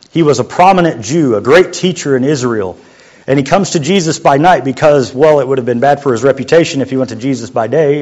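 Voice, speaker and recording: A young adult man preaching a sermon as a youth pastor, in a conversational, joking way that sometimes drops to a quiet voice. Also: medium pitch. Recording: muffled lo-fi sound.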